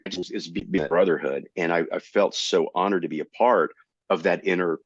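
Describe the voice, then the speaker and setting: A middle-aged male comedian telling stories in a casual interview, jumping into higher voices to act out what people said. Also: moderate pace, slightly rough, no echo, muffled recording. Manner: animated, jumps into high voices to act out quotes. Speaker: comedian guest.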